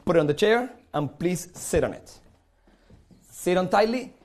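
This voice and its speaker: A man with a Puerto Rican accent works a live crowd from a studio stage as a magician. His voice sits a little high and leaps all over as he jokes theatrically with his volunteers. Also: expressive, normal speed, a little mellow. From Puerto Rico. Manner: theatrical, joking with the audience. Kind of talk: live magic show patter.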